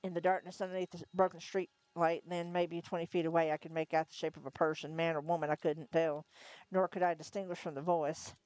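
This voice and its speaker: A woman reading a novel aloud on a live stream, narrating in the first person with steady storytelling and occasional self-corrections. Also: on the low side, a little fast, no room sound. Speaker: narrator, reader.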